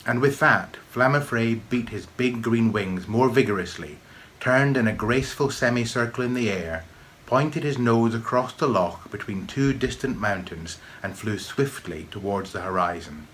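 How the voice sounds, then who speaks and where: A man reading aloud his own children's story with expressive, measured storybook narration. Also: mid-range voice, slight background noise.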